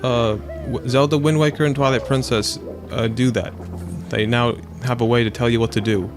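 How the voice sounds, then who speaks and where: A man hosting a let's play, chatting casually in a rambling, animated way and acting out quotes in silly voices. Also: medium pitch, moderate pace, over music. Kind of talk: casual gaming chat.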